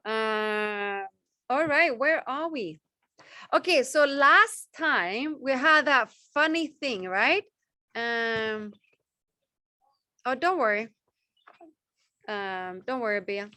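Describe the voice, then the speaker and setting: A woman teaching Sanskrit chant pronunciation on a video call, gentle and encouraging, halting with many restarts. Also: on the high side, expressive, no echo.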